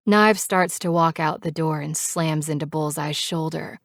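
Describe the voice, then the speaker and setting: A woman narrating a first-person romance audiobook with a measured, steady reading on a close mic. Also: low voice, dry recording.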